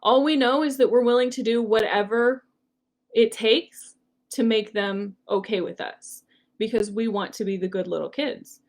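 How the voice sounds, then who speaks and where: With a steady tone and a fairly high voice at normal speed, a young woman personality coach teaches a workshop lesson. She keeps it casual and chatty, telling stories and filling her speech with "like" and "um".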